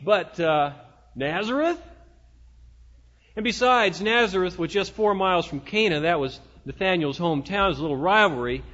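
A man with a high voice delivers a sermon, folksy and conversational, tossing asides to his listeners. The sound is dull and lo-fi, and his words ring out with a long echo in a large hall. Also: animated, normal speed, a bit bright. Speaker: pastor.

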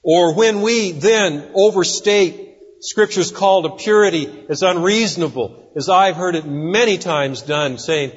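Husky-voiced man preaching in a reverberant hall. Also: on the high side. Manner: deliberate, emphatic preaching with acted-out quotes. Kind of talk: sermon. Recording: dull audio with long reverb in a hall.

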